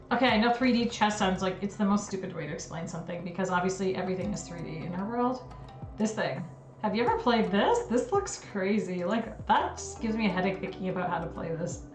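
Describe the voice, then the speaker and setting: Woman, casual livestream host, laughs a lot, echoey room, soft music behind. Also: medium pitch, animated, fast talker. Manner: giggly, chatty, reacts with frequent laughter. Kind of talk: casual livestream chat reading conspiracy theories.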